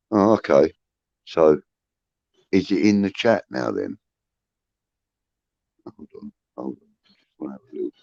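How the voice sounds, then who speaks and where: A man's voice: a bass voice, vocal fry, dark tone, no room sound, highs cut off. A man hosting a casual livestream, rambling with many restarts and swearing, reading out chat comments. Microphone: phone.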